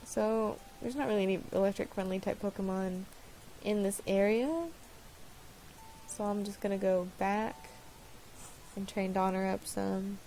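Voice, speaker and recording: Woman, casual let's-play host, gravelly fry, rambling and self-deprecating. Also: medium pitch, fairly even intonation, measured pace, long pauses, dark tone, slight background noise, rough recording. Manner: rambling, apologetic, laughs often. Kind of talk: casual gameplay commentary.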